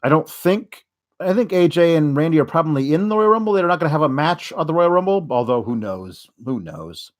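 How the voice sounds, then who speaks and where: A man's voice: fairly high pitch, fast talker. Sarcastic, rambling male podcast host. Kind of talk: casual wrestling recap.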